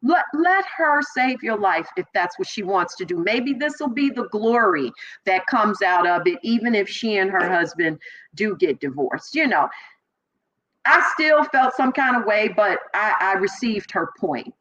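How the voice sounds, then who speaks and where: Animated middle-aged woman from Chicago. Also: measured pace. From Chicago, Illinois. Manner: animated, acts out quoted voices with big pitch jumps. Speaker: interview guest, former police officer. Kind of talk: personal storytelling in conversation. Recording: slightly dull lo-fi audio.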